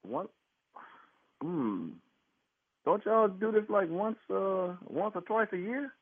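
An indignant man who keeps repeating himself and cutting the caller off. His voice is high and swings widely, with a husky edge. It comes through a tinny phone line. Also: very animated, slow pace, no echo. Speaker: prank call target, husband.

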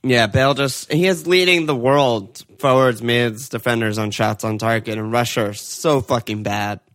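A man's voice: medium pitch, moderate pace, a bit bright, dry recording, studio quality. A man with a congested, stuffy voice, co-hosting a casual sports chat, rambling with lots of fillers and swearing. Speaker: podcast co-host. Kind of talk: casual fantasy football chat.

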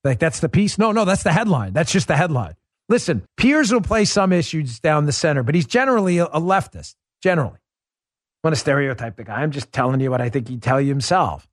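A man's voice: on the high side, animated, fairly quick, no echo, studio quality. A man hosting a political talk show, giving opinionated commentary with emphatic, sarcastic rhetorical questions.

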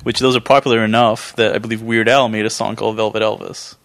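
A man's voice: fairly low pitch, flat delivery, quick pace, fairly bright tone, no echo. A man co-hosting a podcast in casual chat, who keeps teasing his co-hosts with dry quips. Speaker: podcast co-host.

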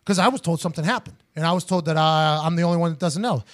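A man hosting a podcast, telling a story in an animated, profane way and acting out both sides of each conversation. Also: fairly high pitch, fast talker. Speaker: podcast host. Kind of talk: casual storytelling chat.

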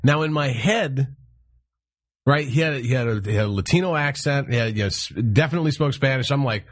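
A man's voice: a little high, a little fast, no room sound. Profane storytelling man, dry sound. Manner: animated storyteller, profane, acts out quotes. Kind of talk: casual storytelling chat.

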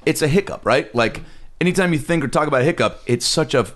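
A man's voice: on the high side, lively intonation, fast, a bit bright. A young man co-hosting a podcast in casual chat, breaking into laughing fits and hiccups while joking crudely. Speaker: podcast co-host. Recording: noisy background.

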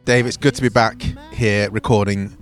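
Male podcast co-host, lower voice, rambling and cheerful. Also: steady tone, normal speed, faint music behind. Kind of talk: casual podcast chat.

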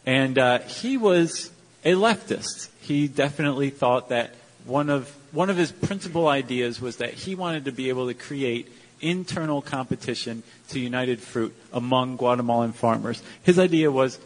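A man's voice: medium pitch, moderate pace. A man co-hosting a podcast live on stage, telling a story in a chatty, joking way. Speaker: podcast co-host. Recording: long reverb from a live stage hall.

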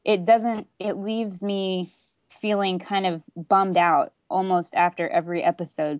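A woman's voice: fairly low pitch, steady tone, measured pace, dry recording. A woman co-hosting a casual podcast chat, earnest and opinionated, explaining her views at length. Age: adult. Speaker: podcast co-host. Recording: slightly dull dry audio.

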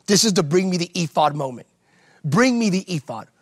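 A man's voice: high voice, expressive, a little fast. A man, a pastor, preaching in an impassioned sermon style within a conversation, driving points home with emphatic repetition. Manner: emphatic, repeats phrases for rhetorical effect.

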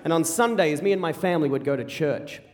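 A young Australian man tells a comic story from his own life with a high, lively voice. He speaks at a quick clip, tripping and repeating words as he hurries along, animated and self-mocking throughout. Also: long reverb tail. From rural South Australia. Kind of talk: live personal storytelling. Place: stage before an audience.

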